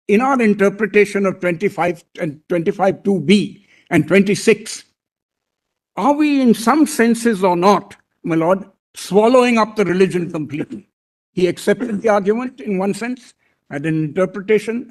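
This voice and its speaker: A man with an Indian English accent, a senior advocate making a deliberate, deferential legal argument before a court bench. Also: high voice, lively intonation. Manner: deliberate, deferential, repeats "my lord" often.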